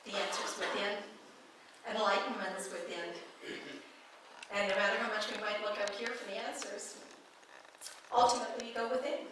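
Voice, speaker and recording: A woman's voice: mid-range voice, steady tone, normal speed, long pauses, noisy background. A woman giving a conversational, playful sermon as a guest speaker at a spiritual church. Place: church sanctuary. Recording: echoey hall from far off.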